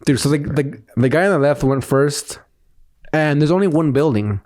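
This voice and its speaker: A man co-hosting a podcast, telling a story in casual chat with lively quoted dialogue and plenty of swearing. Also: a little high, moderate pace. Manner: animated storytelling, acting out quotes, frequent swearing. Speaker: podcast co-host.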